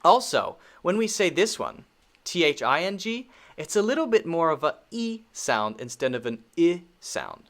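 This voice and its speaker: A pronunciation teacher with an American accent, giving a lesson and modeling sounds slowly and deliberately with many repetitions. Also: mid-range voice, very animated, fairly bright tone.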